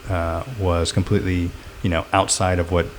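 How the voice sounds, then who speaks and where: Low-voiced man, reflective and rambling. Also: level tone, moderate pace, slight background noise. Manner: reflective, talks in long rambling runs with many fillers. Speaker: guest. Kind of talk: casual podcast chat.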